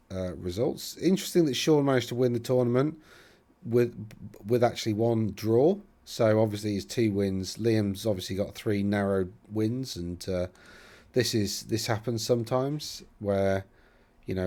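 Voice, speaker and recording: Mellow-voiced man thinking aloud. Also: on the low side. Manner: rambling, thinking aloud, self-deprecating asides. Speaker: host. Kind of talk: casual commentary while browsing tournament results.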